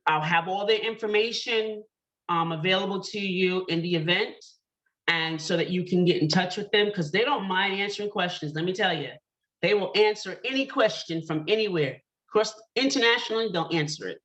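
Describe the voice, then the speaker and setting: A woman's voice: fairly low pitch, normal speed, a bit bright. A woman hosting an online panel discussion, telling a personal story in a chatty, candid way with many fillers. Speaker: panel host. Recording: dull lo-fi online call audio.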